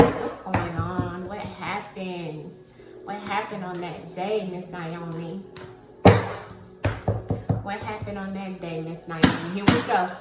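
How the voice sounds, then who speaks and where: A woman giving a spiritual tarot reading in a slow, soothing way, calling her viewers family. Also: medium pitch. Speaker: tarot card reader. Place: room at home with incense burning. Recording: echoey room, far from mic, music behind.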